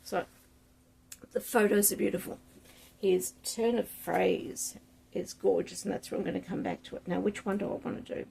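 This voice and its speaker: A woman's voice: medium pitch, fairly even intonation, moderate pace, creaky, darkish tone, slight background noise. A woman vlogging about a book she loves, chatting enthusiastically and reading passages aloud with relish.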